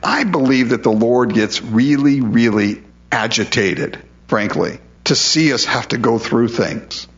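A man's voice: mid-range voice, lively intonation, a little slow, muffled recording. A male pastor preaching a sermon in a conversational way, often repeating words as he stresses a point.

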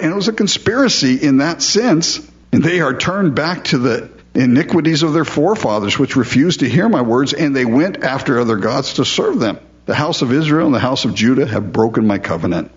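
A pastor preaching a sermon in a conversational style, repeating phrases for emphasis. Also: male voice, mid-range voice, dull audio.

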